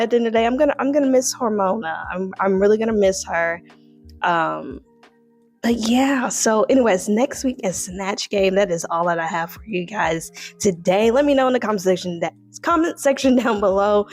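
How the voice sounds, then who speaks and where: A woman's voice: mid-range voice, a little mellow. Southern woman with a drawl, chatty reviewer. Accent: Southern US drawl and twang. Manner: chatty, opinionated, gushing. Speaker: TV show reviewer. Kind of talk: casual chatty review vlog. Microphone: handheld microphone.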